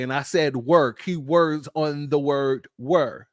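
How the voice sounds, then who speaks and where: Man, political commentary host, emphatic casual talk, slightly high voice, dry close sound. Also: unhurried, few pauses, dry recording. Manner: emphatic, addresses viewers as family.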